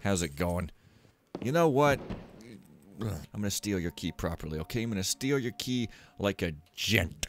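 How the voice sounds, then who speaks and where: A man's voice: sits low, moderate pace. A young man giving rambling, sarcastic, self-mocking commentary as he plays a stealth game. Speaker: let's play host. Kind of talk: casual gameplay commentary.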